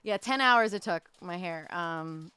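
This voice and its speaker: A young woman telling a story in casual chat, animated, full of fillers and swearing, close to the mic. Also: on the low side, measured pace, clear, resonant tone, dry recording. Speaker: podcast co-host telling a story. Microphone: close desk mic.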